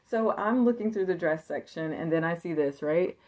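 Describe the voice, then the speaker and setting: A woman's voice: lowish voice, normal speed, a little mellow. A woman chatting casually as she shows thrifted clothes she plans to resell, upbeat and thinking aloud with plenty of fillers. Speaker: thrift reseller showing a haul. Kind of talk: casual haul video chat.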